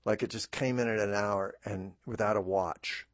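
A man's voice: lowish voice, steady tone, normal speed, no room sound. A man hosting a radio talk show in a studio, rambling in a chatty, self-deprecating way with many fillers and restarts. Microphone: studio microphone.

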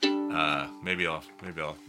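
A middle-aged man, a musician guest, in casual interview talk, telling animated stories and acting out what others said. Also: rumbling low, takes it slowly, soft background music. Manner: animated storyteller who acts out quotes.

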